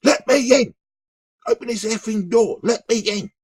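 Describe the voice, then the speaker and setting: A shrill, furious woman screaming in a high, loud voice, as a man puts her on while retelling a story. The sound is husky and strained. The recording is dry and close, with no room echo. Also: moderate pace.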